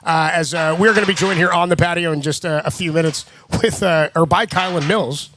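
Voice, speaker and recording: Man, young, high-pitched, sports radio co-host, casual, jokey, laid-back. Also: steady tone, a little fast, background noise. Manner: loose, jokey, says dude a lot.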